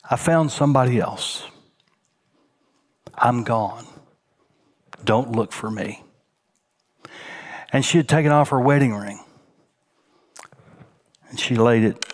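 A man preaches a sermon at a medium pitch. He sinks to a hushed near-whisper on tender points and lifts his voice as he tells a story. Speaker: senior pastor.

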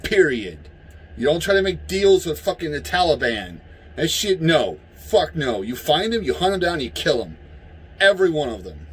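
Angry vlogger, male, high husky voice, swears freely and yells. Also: poor audio. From United States. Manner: heated, profane, yelling at times. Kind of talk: angry political rant.

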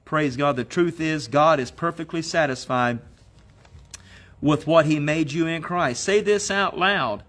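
A man preaching a sermon, quoting scripture in slow, emphatic phrases and leading listeners in spoken declarations. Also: a little high, a bit bright. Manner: exhorting, leads the congregation in spoken declarations.

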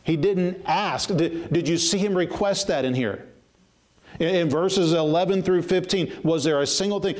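On the high side and moderately paced, a pastor's voice carries his sermon as he reads scripture in King James phrasing. Afterward he retells it in plain terms, earnest, with many false starts.

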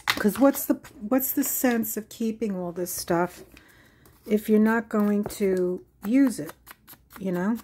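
A woman hosting a casual crafting tutorial, musing aloud at an unhurried pace as she works and sometimes dropping into soft whispers. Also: mid-range voice. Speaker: crafting channel host. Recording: faint background noise.

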